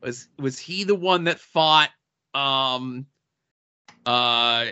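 A man's voice: medium pitch, very slow, pushed and bright, clean tone, lo-fi sound. A man co-hosting a casual podcast, reading off convention guest lists with dry asides. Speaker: podcast co-host.

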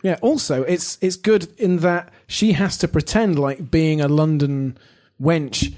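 Podcast host guy, kinda high voice, wry little jokes, passes the mic around. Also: measured pace, a little mellow. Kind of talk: casual chat.

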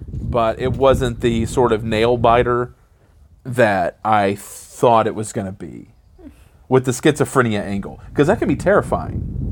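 A middle-aged father co-hosting a casual podcast with his daughter, rambling and halting with many fillers. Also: mid-range voice, slight background noise.

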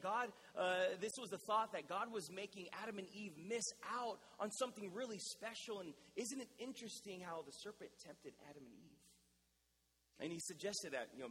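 A young man preaching as a pastor in a casual, conversational style, shifting between animated emphasis and softer, intimate moments. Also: high voice, slight background noise. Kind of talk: sermon. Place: church hall. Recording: reverberant church hall.

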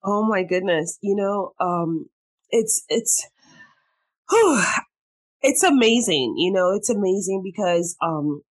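A woman's voice: medium pitch, animated, slow pace, pauses often. Bubbly woman podcast host. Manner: bubbly, laughs often, emotional. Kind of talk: casual interview chat.

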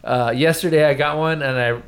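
A man's voice: a little high, fairly even intonation, brisk, fairly bright tone, smooth. A man chatting casually on a podcast, sardonic, swearing and laughing often.

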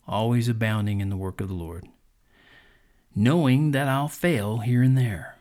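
A man's voice: lowish voice, darkish tone. A man hosting a devotional podcast, talking in an earnest, conversational preaching manner with frequent fillers. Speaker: podcast host.

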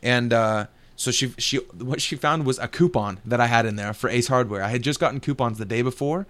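Young guy co-hosting a gaming podcast, smooth resonant voice, chill rambling stories, lots of cussing and laughing. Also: mid-range voice, a little fast, fairly bright tone. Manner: laid-back storytelling, swears freely, laughs often. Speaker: podcast co-host. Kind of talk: casual gaming podcast chat.

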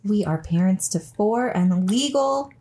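A woman's voice: mid-range voice, lively intonation, unhurried, warm tone. A woman hosting a podcast in casual chat, chatty and laughing often, with fillers. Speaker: podcast host.

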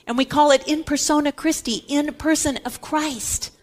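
High-voiced woman teaching scripture emphatically. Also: steady tone, normal speed. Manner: emphatic, repeats words for stress. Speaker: Catholic Bible teacher.

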